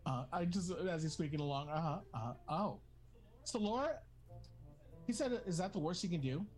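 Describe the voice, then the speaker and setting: A woman's voice: on the low side, lively intonation, normal speed, darkish tone, faint music behind. A woman playing a tabletop game, laid-back, with playful asides. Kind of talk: casual tabletop game chat.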